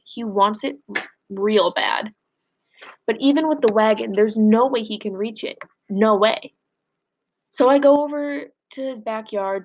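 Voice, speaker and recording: A woman teacher reading a novel aloud for a lesson, telling the story expressively and pausing to ask the class questions. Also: fairly high pitch.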